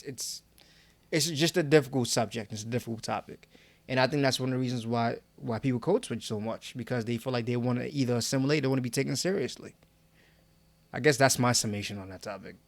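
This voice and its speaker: A man's voice: medium pitch, no echo. A young man co-hosting a podcast, talking casually with slang and laughs. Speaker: podcast co-host.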